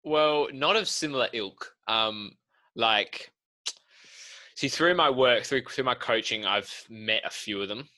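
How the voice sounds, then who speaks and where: A man's voice: mid-range voice, unhurried, bright, forceful tone, rough recording. A young man, casually telling rambling stories on a podcast and laughing between lines. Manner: rambling storyteller, laughs mid-sentence. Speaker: podcast co-host. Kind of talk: casual chat.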